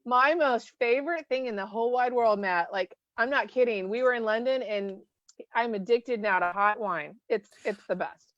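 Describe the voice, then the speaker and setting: A chatty, enthusiastic woman co-hosting an online call, with a fairly high voice. Her audio is dry and a little dull, like a typical video call. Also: normal speed, dry recording. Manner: chatty, enthusiastic, greets each arrival. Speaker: co-host. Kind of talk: casual chat.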